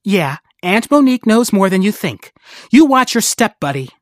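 A woman's voice: sits low, big pitch swings, normal speed, dry recording. A woman voicing a blunt, protective aunt who talks in a dry, stern way. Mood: warning.

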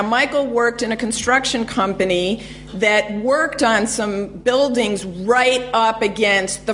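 A woman giving a public history lecture, telling a story in a measured way with frequent ums and uhs. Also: medium pitch, fairly bright tone, a little hiss or hum.

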